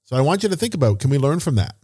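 A man's voice: mid-range voice, sing-song, racing, mellow, husky, no echo, studio quality. A man hosting a solo motivational podcast as a business coach, speaking casually and stressing points by repeating phrases. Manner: casual, occasional swearing.

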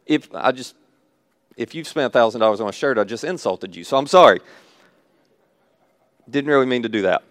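A man preaching a sermon, telling stories with animated acted-out asides. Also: medium pitch, a little fast, pauses often, dry recording. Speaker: pastor.

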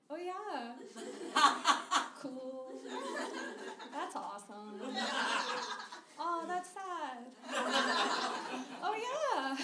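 A woman's voice: a little high, far from the mic. Chatty young woman telling a story live. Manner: chatty, says "like" a lot, laughs through the story. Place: live show venue. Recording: roomy live stage recording with noise.

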